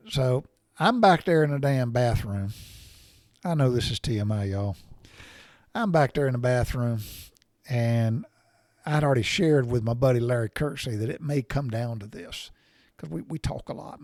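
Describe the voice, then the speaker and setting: A middle-aged man telling a personal story on his podcast in a loose, folksy way, peppered with mild cussing and self-mocking laughs. His voice sits at an everyday male pitch. The recording is close and dry, with almost no room sound. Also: animated, moderate pace, a little mellow, no echo. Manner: folksy, salty, laughs at himself. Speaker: podcast host. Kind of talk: casual storytelling monologue.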